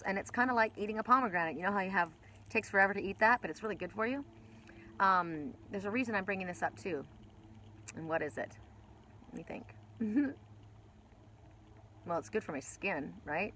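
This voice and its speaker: A woman hosting a live oracle card reading stream, rambling and chatty, with gentle spiritual encouragement, recorded outdoors at a lakeside cove. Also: medium pitch, slight background noise. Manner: rambling, chatty, with many fillers and restarts. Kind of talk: casual live-stream chat with viewers.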